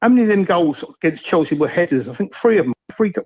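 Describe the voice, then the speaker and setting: A man's voice: high-pitched, lively intonation, fast, slightly rough, dry recording, rough recording. Rambling man calling in by phone. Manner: rambling, hesitant, full of ums. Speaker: caller. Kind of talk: phone-in football chat.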